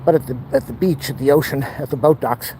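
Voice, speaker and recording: A man's voice: mid-range voice, steady tone, a little fast, darkish tone, low-quality recording. A man chatting casually in a walking vlog, out of breath and overheated, rambling and exclaiming often as he records outdoors near an airport. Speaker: vlogger. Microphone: camera held while walking. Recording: outdoor street noise.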